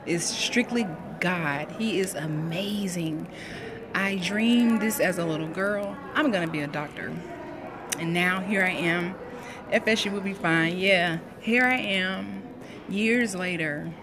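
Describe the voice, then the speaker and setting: A woman from Florida, USA, speaks slowly in a lowish voice on a phone livestream from her graduation, with a crowd and music in the background. In an emotional, heartfelt broadcast, she preaches about her faith and greets viewers by name.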